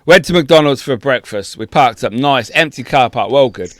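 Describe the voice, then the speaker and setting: A man's voice: mid-range voice, lively intonation, normal speed, a bit bright, no echo, clean studio sound. A young adult man, a podcast co-host, telling a long anecdote in casual chat, full of swearing.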